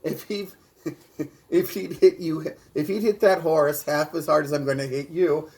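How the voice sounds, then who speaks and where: A man's voice: a little high, fairly even intonation, a little slow, vocal fry, darkish tone, rough recording. A man rehearsing a stand-up comedy bit, with punchy delivery and a repeated catchphrase. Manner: bilingual.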